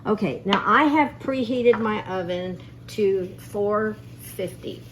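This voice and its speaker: A woman hosts a relaxed home cooking demonstration, talking viewers through each step. She is chatty and folksy and drifts into family stories as she works. Her voice sits in a middle register, and faint room ambience hums in the background. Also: medium pitch, takes it slowly, a little hiss or hum. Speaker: cooking show host.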